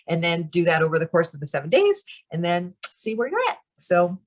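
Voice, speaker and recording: Speaking briskly with hardly any pauses, this woman has a low-leaning, very animated voice. She's part of a channeling practice group, casually walking through things step by step, peppering her speech with "like" and "you know" and laughing a lot.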